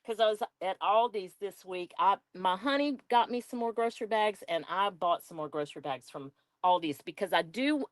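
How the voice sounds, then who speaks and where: A woman's voice: lowish voice, no room sound. A woman with a Southern US accent hosting a live crafting stream, chatting casually and folksily with viewers as she works and reads their comments.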